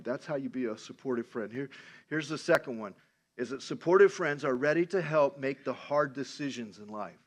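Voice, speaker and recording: A man pastor preaching a sermon in a lively, conversational storytelling way. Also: medium pitch, moderate pace.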